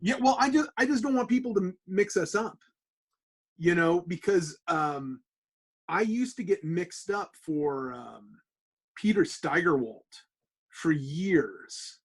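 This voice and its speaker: A man, a comic book artist guest, telling stories in casual podcast chat with animated, stammering restarts. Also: high-pitched, slow pace, breathy edge, rough recording.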